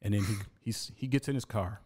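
Dark-voiced man telling a wild story. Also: lowish voice, brisk. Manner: animated storyteller, laughs through his tale. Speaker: podcast guest. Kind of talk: casual storytelling. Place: podcast studio.

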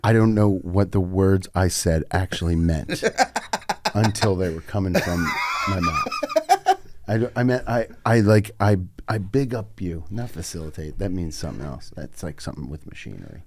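A man's voice: sits low, lively intonation, moderate pace, darkish tone. A man on a podcast in casual chat, rambling and stopping himself mid-sentence, often whining in mock complaint. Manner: rambling, self-interrupting, mock-whiny. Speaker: podcast co-host.

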